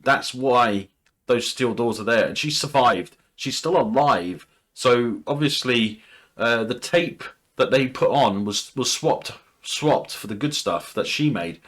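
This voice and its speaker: A man's voice: mid-range voice, fairly bright tone. A man hosting a TV reaction video, casually thinking aloud and speculating, often restarting his sentences.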